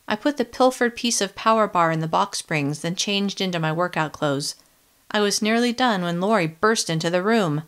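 A woman reading a first-person young adult novel in a steady, measured audiobook narration. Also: medium pitch, smooth.

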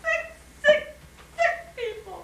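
A woman's voice: expressive, takes it slowly, heavily acted. A woman acting the part of a frantic, rattled wife whose home was just robbed, in a class scene on stage. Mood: distraught. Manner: shrill, rattled, defensive. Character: frantic middle-aged wife, upset after a burglary. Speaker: acting student. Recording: roomy and distant, faint noise.

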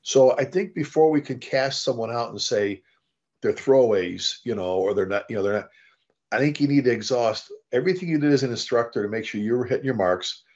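A middle-aged man tells stories as a guest in an interview, acting out the people he quotes and often starting his sentences over. He sits at an average pitch for a man. The recording is dull and lo-fi. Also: brisk. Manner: animated storyteller, acts out quoted dialogue, frequent restarts. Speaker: fire service leader and author, interview guest. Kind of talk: conversational storytelling.

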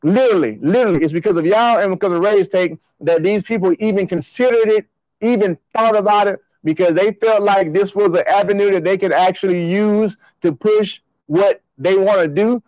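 A man hosting a track and field show, talking to his fans in an excited, slangy, repetitive way on a livestream. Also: sits high, brisk, no echo, muffled recording. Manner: hyped, hollering, slangy and repetitive.

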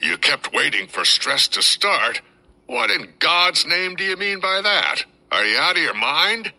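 Raging older-officer type, incredulous shouting, read by a man. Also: fairly high pitch, very animated, measured pace, creaky, pitched above the performer's own voice, heavily acted. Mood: outraged. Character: enraged male army colonel, bellowing.

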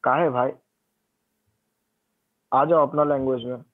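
Fast-talking Indian man on a tinny phone line. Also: mid-range voice, steady tone. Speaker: phone caller. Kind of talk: phone call.

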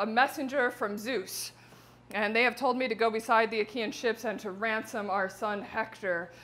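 An old, grieving king speaks urgently and earnestly to his wife, as a woman storyteller plays him. The voice stays close to the performer's own, somewhat high, with a plain, pleading delivery. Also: fairly bright tone, natural voice.

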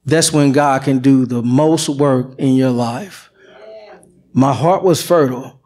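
A man's voice: medium pitch, slow, a little mellow. Earnest man giving a church testimony. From United States. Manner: earnest, emotional storytelling. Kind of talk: personal testimony.

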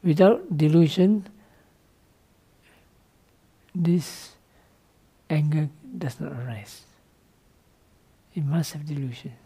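Slow and full of long pauses, this man's voice is fairly high with a dark, breathy edge. He is a Buddhist monk teaching dharma in loose, non-native English, playfully tagging his points with "no?" and chuckling softly.

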